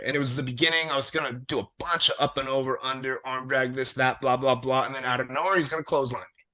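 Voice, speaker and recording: A man, a wrestler, telling a long story in casual conversation, animated and profane with plenty of fillers. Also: medium pitch, fast talker. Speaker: wrestler guest. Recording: dull lo-fi audio.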